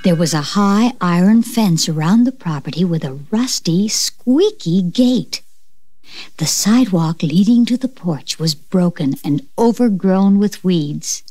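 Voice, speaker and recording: Slow, expressive woman story reader. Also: on the low side, no room sound. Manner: slow, expressive, dropping to a whisper for spooky parts. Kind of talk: children's storybook record narration.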